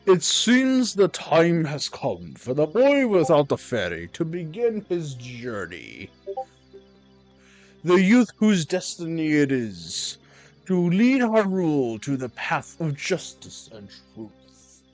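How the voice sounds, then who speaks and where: A man's voice: a little high, wildly swooping pitch, soft background music, heavily acted. A man voicing an ancient, wise male talking tree guardian, speaking in grand, archaic, posh tones. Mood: grave. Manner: grand archaic speech, loud and slow.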